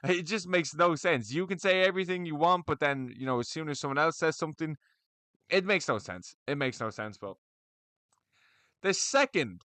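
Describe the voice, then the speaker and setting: A man's voice: on the high side, a bit bright, no room sound. A young man, ranting bluntly and profanely as the host of an opinionated video about fans of a combat sport. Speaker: MMA commentary vlogger. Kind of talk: opinionated solo rant to camera.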